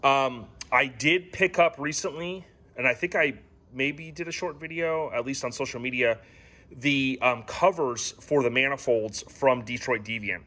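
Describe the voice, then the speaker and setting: A man's voice: mid-range voice, a little slow. A man hosting a casual, rambling walkaround of his classic car, giving owners tips. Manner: relaxed and rambling, many ums and restarts.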